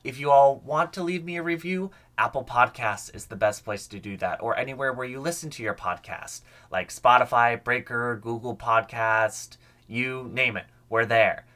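A bright, forward-sounding young man narrating a history podcast in a casual, chatty way. He sounds eager about the subject, with mid-range pitch. Relaxed, conversational delivery throughout. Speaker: podcast host.

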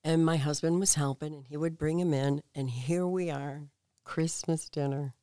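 Low-voiced middle-aged woman telling stories. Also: moderate pace, dry recording, clean studio sound. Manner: lively, laughing storyteller. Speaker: guest. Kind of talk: casual storytelling chat.

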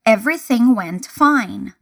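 Woman, English teacher, repeat-after-me lesson, unhurried, animated delivery. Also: a little high. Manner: clear, deliberate, breaks phrases into single words.

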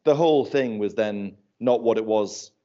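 A man's voice: fairly low pitch, moderate pace, dark tone. A man in a casual panel chat, talking loosely and laughing while he tells anecdotes. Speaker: panel guest. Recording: dull lo-fi sound.

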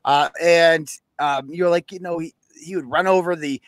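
A man's voice: normal speed, no room sound. A man hosting a live podcast, mocking what he reads aloud and joking with his guests. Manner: mocking, animated, reads messages aloud in a put-on deep voice. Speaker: podcast host. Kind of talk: live show commentary.

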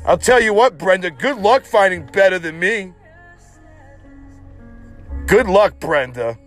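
Guy doing a bitter jilted dude cussing out his ex, low and growly then shrill, faint music under. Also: animated, slow pace, a bit bright, exaggerated voice. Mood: ranting. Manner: ranting, profane, swinging from low growl to shrill.

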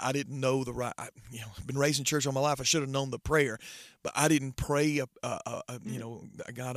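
Middle-aged male pastor guest, gravelly, dry close sound, earnest and halting. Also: mid-range voice, a bit bright, no room sound. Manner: earnest, halting with many restarts. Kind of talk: personal testimony in conversation.

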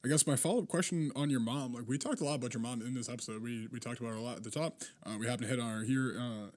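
Young guy hosting a chill podcast, talks fast, lots of uhs, easygoing. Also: medium pitch. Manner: quick and easygoing, with many "uh" hesitations. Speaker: podcast host. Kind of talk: casual podcast interview.

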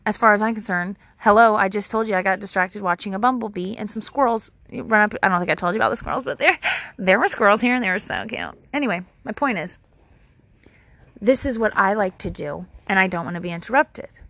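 A woman's voice: mid-range voice, brisk, fairly bright tone, dry recording. A woman talking straight to camera outdoors at her home, giving casual advice in a candid, rambling way and swearing freely. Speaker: vlogger.

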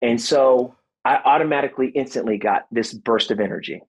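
A man in his thirties, a former football player, telling a personal story in a podcast interview, earnest and animated, acting out what people said. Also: medium pitch, fairly quick, husky, poor audio. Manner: faith-centered, reflective. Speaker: guest, former football player and motivational speaker.

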